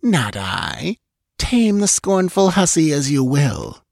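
A man's voice: medium pitch, big pitch swings, measured pace, vocal fry, a little mellow, no room sound, clean studio sound, voice pushed up, full character voice. A man reading an audiobook, voicing a cruel, scheming young witch woman who mocks and gives orders. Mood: commanding. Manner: cold, mocking, commanding.

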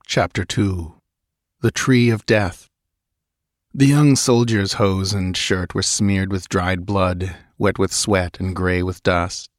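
A man narrating a fantasy audiobook in an expressive, measured storytelling manner. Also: low voice, no echo, studio quality.

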